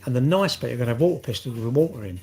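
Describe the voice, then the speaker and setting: A man's voice: mid-range voice, animated, rapid-fire, mellow. A middle-aged man, rambling in casual vlog chat, swearing and joking. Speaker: vlogger.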